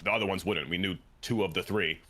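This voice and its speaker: A man streaming a baseball game, telling a story in a loose, profane, animated way. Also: fast talker, noisy background. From New Jersey. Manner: animated, profane, jumps into shrill impressions. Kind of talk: casual live-stream storytelling.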